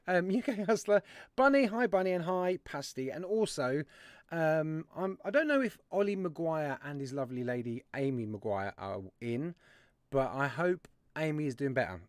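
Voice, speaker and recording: A man's voice: a little high, no echo. A man hosting a casual livestream, chatty and jokey as he greets viewers by name. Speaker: livestream host. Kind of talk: casual live-stream chat.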